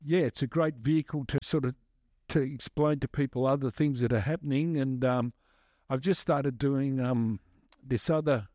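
A man's voice: medium pitch, normal speed, darkish tone, dry recording, studio quality. A man, a guest musician, answering questions in a chatty, rambling way full of restarts. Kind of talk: casual storytelling answers.

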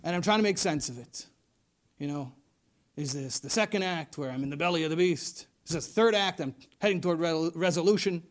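A man delivering a sermon as a religious teacher, talking in an animated way and often laughing as he speaks. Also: fairly high pitch, fairly quick.

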